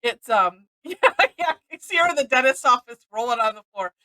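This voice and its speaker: A woman's voice: fairly high pitch, expressive, fairly quick, sharp tone, rough recording. A woman from Missouri teaching a live-streamed drawing lesson, chatty and rambling, often laughing between steps.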